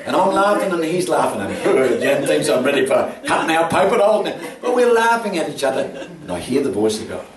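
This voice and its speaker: An older man, preaching an animated sermon that he tells as a story, laughing as he goes. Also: a little high, fairly quick, few pauses, crowd noise. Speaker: pastor. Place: church. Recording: roomy church sound from a distant mic.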